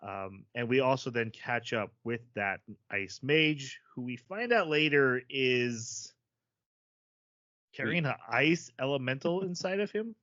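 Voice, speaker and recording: A man's voice: medium pitch, expressive, measured pace, a bit bright, no echo, muffled recording. A man co-hosting a podcast, casually recapping a story at length with frequent "um"s and "uh"s. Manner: summarizes plot at length with many fillers. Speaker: podcast co-host. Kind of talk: casual chat recapping an episode.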